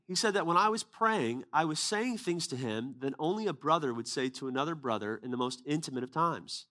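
A man delivers a sermon through relaxed personal storytelling. His tone is conversational and unpolished, turning earnest and emphatic as he drives home his message. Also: a little high, fairly quick, few pauses. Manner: casual, conversational retelling with quoted dialogue. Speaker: preacher.

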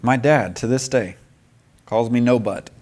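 A man telling a personal faith testimony. He talks candidly and pokes fun at himself, laughing often, and grows soft and quiet in the reflective stretches. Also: medium pitch, unhurried, a little hiss or hum. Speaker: speaker sharing a faith testimony.

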